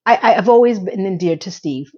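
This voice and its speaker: Woman host for a casual recap, chatty, acts out quotes, mid-pitched, slightly dull lo-fi sound. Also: animated, fairly quick, warm tone.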